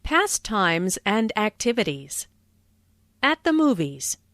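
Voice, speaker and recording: Woman with slow, expressive teaching voice. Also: medium pitch, dry recording, clean studio sound. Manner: slow, clear, careful enunciation. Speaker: language lesson narrator. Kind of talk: scripted lesson narration and dialogue reading.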